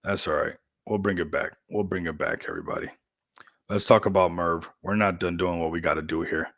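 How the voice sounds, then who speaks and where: Man, crypto stream host, low voice, dry close sound, rambling hype chat. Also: expressive, brisk, gravelly, fairly bright tone, dry recording. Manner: rambling, upbeat hype talk with frequent laughs. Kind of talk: casual livestream chat.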